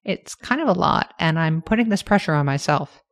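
A woman hosting her own podcast, talking through her plans in a candid, self-reflective, measured way. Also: low voice, animated. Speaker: podcast host. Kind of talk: reflective solo podcast monologue.

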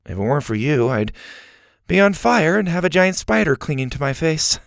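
A man's voice: on the high side, sing-song, normal speed, creaky, dry recording, clean studio sound, pitched above the performer's own voice. A man voicing a kind, earnest boy who talks supportively to his friend. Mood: tender. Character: kind, encouraging boy camper.

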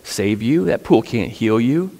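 A man voicing Jesus as a calm, compassionate man in a sermon retelling, speaking softly and gently. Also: medium pitch, unhurried, vocal fry, voice pushed down. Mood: gently firm. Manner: soft, hushed, gentle. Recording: church hall with long reverb.

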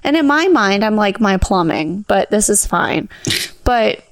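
Gravelly-voiced woman telling a story. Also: mid-range voice, measured pace, no echo. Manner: animated, laughing, acts out quotes. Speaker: podcast co-host. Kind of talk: casual storytelling chat.

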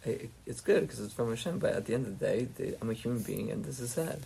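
A man's voice: mid-range voice, expressive, quick pace, creaky, mellow, breathy edge. A man, a student in a class discussion, reasoning aloud earnestly from away from the microphone. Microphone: away from the mic.

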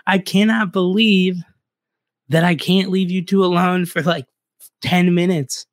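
A man voicing his angry mother, yelling in shrill disbelief as he retells a story. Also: steady tone, measured pace, no room sound, studio quality. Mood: furious. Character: furious shouting middle-aged mother.

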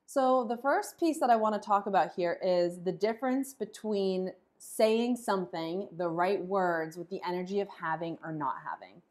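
A woman hosting her own podcast, teaching in a casual, animated way and acting out example phrases in a shifting voice. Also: mid-range voice, normal speed, few pauses. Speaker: podcast host and law of attraction teacher. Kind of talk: casual explanatory talk.

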